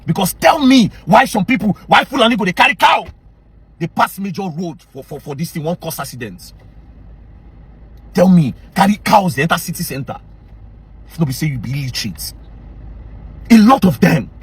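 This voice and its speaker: A man's voice: sits high, lively intonation, moderate pace, long pauses, slightly rough. A man with a Nigerian Pidgin-inflected English accent, delivering a confrontational, heated rant straight to the camera. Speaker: social media commentator. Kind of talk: angry direct-to-camera rant.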